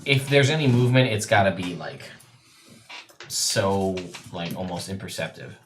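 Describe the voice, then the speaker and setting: A man acting as dungeon master, narrating a tabletop game in a relaxed, joking way with many fillers. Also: low-pitched, normal speed, slight background noise.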